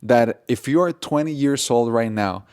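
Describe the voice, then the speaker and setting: A man's voice: medium pitch, normal speed, darkish tone, smooth, no echo, studio quality. A man co-hosting a casual podcast conversation, earnest, laughing easily and repeating his points. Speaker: podcast co-host.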